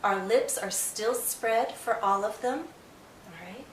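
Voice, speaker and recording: Slow, deliberate woman teaching pronunciation. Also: medium pitch, distant mic, slight background noise. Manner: drills sounds one by one, clearly articulated. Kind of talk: slow scripted pronunciation lesson. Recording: roomy echo, faint music behind.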